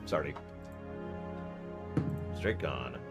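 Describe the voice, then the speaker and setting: A man running an online tabletop game as game master, chatty with quick self-deprecating asides. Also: extremely low pitch, lively intonation, music in the background.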